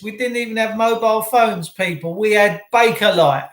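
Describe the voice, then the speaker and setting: A man's voice: high voice, normal speed, hardly any pauses, a bit bright, echoey room. A man hosting a casual livestream, chatting and bantering with viewers in a rambling way. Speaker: livestream host.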